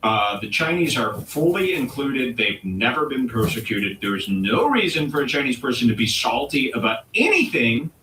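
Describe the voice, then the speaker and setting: Bright-voiced man ranting in an echoey room. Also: medium pitch, very animated, slight background noise. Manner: provocative, mock-serious ranting with dramatic pauses. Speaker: comedy show host. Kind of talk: comedic rant. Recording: roomy echo, distant mic.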